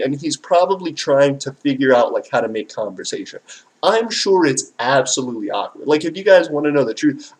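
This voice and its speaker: A man hosting a live stream, reacting with animated, slangy, excitable chatter and reading out viewer comments. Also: fairly high pitch, rough recording. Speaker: livestream host.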